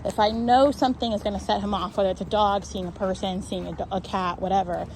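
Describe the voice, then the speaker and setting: Woman dog trainer, explanatory, outdoor street, faint traffic behind, mid-pitched. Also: fairly even intonation, quick pace, a little mellow, rough recording. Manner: explanatory, keeps checking in with "right?".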